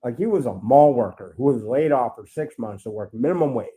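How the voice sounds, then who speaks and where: A man's voice: mid-range voice, animated, a little fast, dark tone, husky. A man talking as a podcast guest, rambling and aggrieved, swearing freely. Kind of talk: ranting podcast talk.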